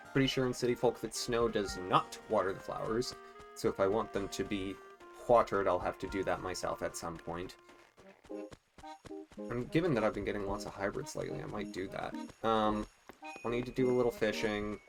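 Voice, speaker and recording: A let's play host chatting casually and joking while playing a life-sim game, thinking out loud. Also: mid-range voice. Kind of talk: casual gameplay commentary.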